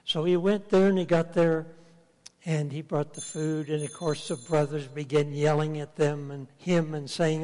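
A man's voice: fairly high pitch, fairly even intonation, moderate pace, warm tone. A man preaching a sermon, retelling a story in a folksy way and acting out the characters. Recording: long hall reverb.

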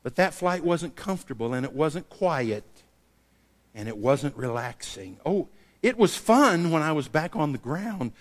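A man preaching a sermon, telling a personal story and acting out the dialogue with lively variation. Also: fairly high pitch, measured pace. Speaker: pastor. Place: church sanctuary. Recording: long hall reverb.

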